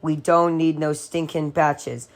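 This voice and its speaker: A man's voice: on the high side, flat delivery, slow. Guy doing a sleepy grumpy hurt dude, mumbly, cracks jokes. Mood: groggy. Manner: sleepy, irritable mutter. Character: groggy hurt young man, wisecracking.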